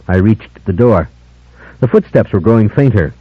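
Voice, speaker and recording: Low-voiced guy reading an audiobook, dramatic and measured, lots of swing, muffled lo-fi dry sound. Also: animated, husky, no echo. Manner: measured, dramatic first-person storytelling. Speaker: audiobook narrator. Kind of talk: unabridged audiobook narration. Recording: dull lo-fi older audiobook, dry.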